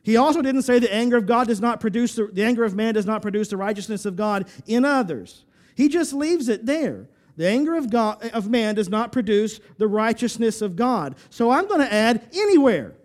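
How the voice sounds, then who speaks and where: High-voiced man preaching a sermon. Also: lively intonation, brisk. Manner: emphatic, repetitive, rhetorical questions, stammering restarts. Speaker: pastor.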